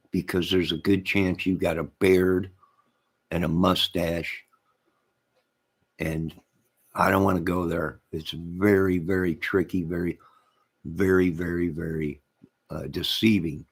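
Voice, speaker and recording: A man's voice: sits low, little pitch movement, unhurried, breathy edge. A man hosting a live stream, rambling in casual chat with his viewers, often repeating himself and addressing them by name.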